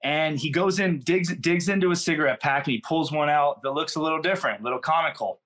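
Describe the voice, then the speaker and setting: A man's voice: a little high, fast talker, a bit bright. A middle-aged man from California, a podcast guest telling stories in a laid-back, slangy, rambling way. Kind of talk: casual storytelling in a podcast interview.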